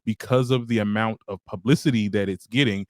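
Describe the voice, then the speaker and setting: A man's voice: on the low side, steady tone, a little fast, a little mellow, no echo. A man hosting a casual news commentary show, reading headlines aloud and then riffing on them in a chatty way. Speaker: host.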